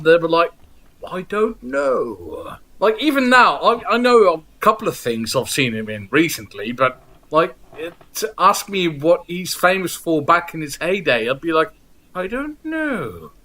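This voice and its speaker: A man's voice: fairly high pitch, expressive, normal speed, pushed and bright. A man co-hosting a casual podcast over a video call, joking and telling stories. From Netherlands. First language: Dutch. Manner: joking, storytelling. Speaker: podcast co-host. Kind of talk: casual chat.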